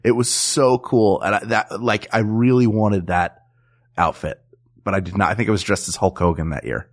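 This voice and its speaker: A man's voice: lowish voice, steady tone. Easygoing laughing male podcast co-host. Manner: easygoing, laughs often, halting restarts. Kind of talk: casual comedic chat.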